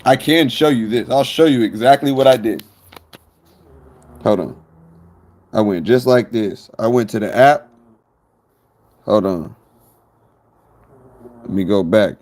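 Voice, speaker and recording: A man's voice: on the low side, slow pace, long pauses, darkish tone. A man telling a rambling, profane story to viewers on his phone stream.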